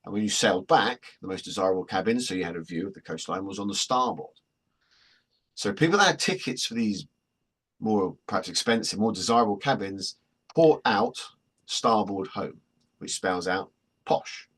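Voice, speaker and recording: Male workshop presenter, husky lower voice, chatty and jokey anecdotes. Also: lively intonation, brisk, fairly bright tone. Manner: chatty, joking storyteller.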